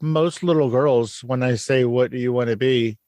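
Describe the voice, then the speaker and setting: A man's voice: medium pitch, warm tone, no echo. A man hosting a podcast, interviewing casually with a teasing, joking manner. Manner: teasing, jokey, quick asides. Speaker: podcast host.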